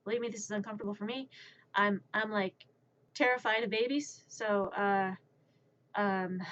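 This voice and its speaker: A woman's voice: mid-range voice, fairly even intonation, normal speed, a bit bright. Rambling woman telling a story, muffled. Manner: rambling, stammering, repeats words. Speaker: streamer. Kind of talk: casual storytelling. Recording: muffled lo-fi stream audio.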